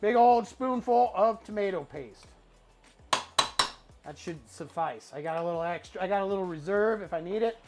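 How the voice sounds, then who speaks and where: A woman's voice: medium pitch, moderate pace, a little mellow. Woman cooking host, playful, narrates each step, light music under. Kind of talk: casual cooking stream chat.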